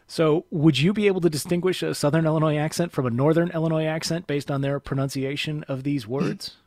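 A man's voice: a little high, a little fast, a little mellow, no room sound, clean studio sound. A man hosting a radio talk show, introducing clips and asking curious questions in a conversational way. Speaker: radio host.

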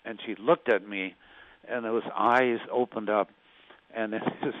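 An older man, a former magazine journalist, recalling past stories as an interview guest, speaking haltingly with frequent restarts. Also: on the low side, fairly even intonation, no room sound, phone-quality sound. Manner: halting, with many restarts and fillers.

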